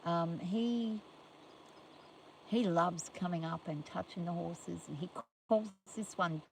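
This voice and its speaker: A woman's voice: lowish voice, takes it slowly, creaky, slight background noise, poor audio. An older woman livestreaming from her farm in a chatty, rambling way, talking to viewers and scolding her animals playfully. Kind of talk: casual livestream chat. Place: outdoors on a farm.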